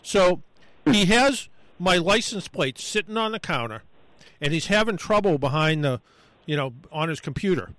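A man's voice: high voice, animated, normal speed, a bit bright, no room sound, poor audio. Rambling male storyteller, dry close sound. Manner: rambling storyteller acting out dialogue. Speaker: guest storyteller. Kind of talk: casual anecdote on a talk show.

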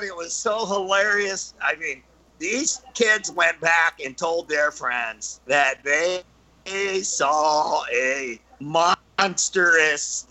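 A man guest telling stories in casual chat, halting with many fillers and restarts, and animated when he gets into the story. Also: fairly high pitch, poor audio.

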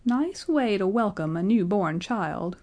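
A woman's voice: mid-range voice, very animated, normal speed, a little mellow, pitched above the performer's own voice. A woman voicing a querulous, complaining old man who has just been born, whining and quavering as he speaks. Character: querulous old man, newborn, whiny and demanding.

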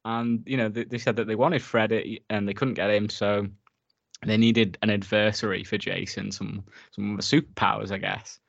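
Male podcast co-host, low-ish, easygoing, dry muffled sound. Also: normal speed, creaky, no room sound. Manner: relaxed, laughs often while talking. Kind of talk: casual film review chat.

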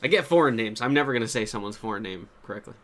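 A man's voice: lowish voice, animated, very fast, a bit bright. A man co-hosting a podcast in casual chat, jokey and rambling, who laughs often. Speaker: podcast co-host.

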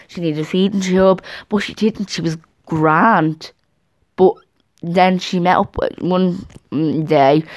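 A woman's voice: deep voice, a little mellow. A young woman chatting casually to camera at home, rambling and often restarting her sentences. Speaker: vlogger.

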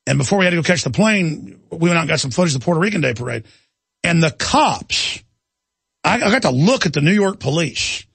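A man's voice: on the high side, animated, brisk, vocal fry, a bit bright, breathy edge, no room sound. A man, hosting talk radio and telling an indignant story in a rant.

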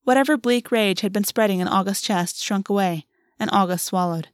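A woman's voice: medium pitch, a little fast, no echo. Woman reading fiction aloud, dry sound. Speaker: audiobook narrator. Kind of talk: scripted narration.

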